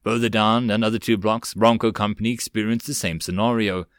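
A man reading a web novel audiobook in a steady, plain storytelling voice. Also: lowish voice, fairly quick, dry recording, studio quality. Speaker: audiobook narrator.

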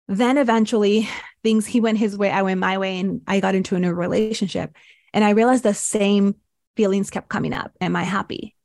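An earnest woman speaks as a podcast guest, recounting her path to breathwork mentoring in casual conversation. She voices her old thoughts as little quoted asides, at a medium pitch. The sound is close and dry. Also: steady tone, a little fast, creaky, darkish tone, dry recording. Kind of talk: casual interview storytelling.

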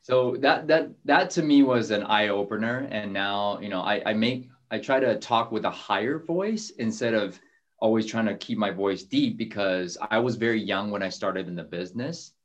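A man's voice: on the low side, moderate pace. Earnest man host asking questions. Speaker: host interviewing a voice coach. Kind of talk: casual coaching call.

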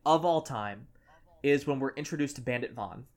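This is a woman with a notably deep voice, co-hosting a relaxed podcast. She retells favorite scenes with lively, animated energy and drops the odd casual curse along the way. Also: moderate pace. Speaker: podcast co-host. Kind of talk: casual chat.

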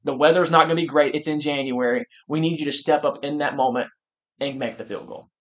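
A man with a slightly high voice chats about sports on a podcast. He talks emphatically and with lots of animation, often restarting his sentences as he pushes his point. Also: steady tone, a little fast. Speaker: podcast co-host. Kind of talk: casual sports chat.

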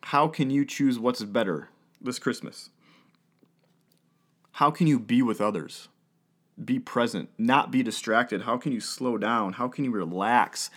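A man's voice: medium pitch, unhurried, long pauses, fairly bright tone. A man in his thirties, a pastor preaching a sermon in an earnest way, with repeated phrases and rhetorical questions. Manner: earnest, rhetorical questions and repetition, with occasional laughs.

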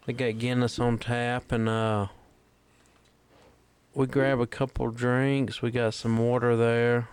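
A man's voice: medium pitch, little pitch movement, slow pace, clean tone. A man casually telling a long, profane story on a podcast, peppering his sentences with filler curses. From Georgia, US. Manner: profane rambling drawl, peppered with "damn".

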